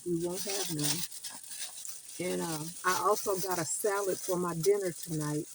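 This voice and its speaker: A woman's voice: on the low side, noisy background. Emphatic woman vlogging. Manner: emphatic, repeats words, lecturing then chatty. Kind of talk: casual vlog talk to viewers.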